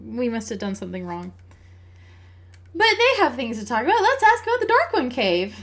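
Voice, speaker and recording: A woman's voice: fairly high pitch, huge pitch swings, brisk, a bit bright. A woman hosting a let's play, giving casual, musing gameplay commentary and laughing often.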